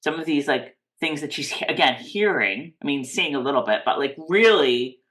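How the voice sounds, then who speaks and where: A woman's voice: deep voice, animated, normal speed, a bit bright. A woman co-hosting a TV recap podcast, chatting casually and rambling with lots of "like" and restarts. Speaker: podcast co-host.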